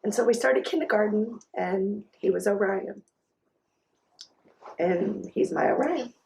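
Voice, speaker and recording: Gravelly-voiced mother, halting storyteller. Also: mid-range voice, darkish tone, slight background noise, rough recording. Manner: halting, personal storytelling with pauses. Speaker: mother of a transgender child. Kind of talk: documentary interview storytelling.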